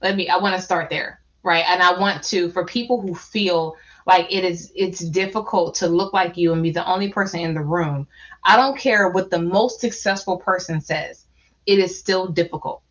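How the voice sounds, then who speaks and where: A woman's voice: lowish voice, normal speed, fairly bright tone. A woman from New Jersey with a New Jersey accent speaking on a panel. She is emphatic and often restarts her phrases. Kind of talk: panel discussion. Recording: slightly dull lo-fi audio.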